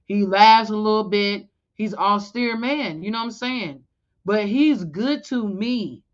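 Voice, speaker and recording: A woman's voice: on the high side, fairly bright tone, muffled recording. A woman giving an informal sermon to the women of her congregation, talking casually and stopping now and then to check a scripture reference. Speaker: women's teacher in a religious congregation.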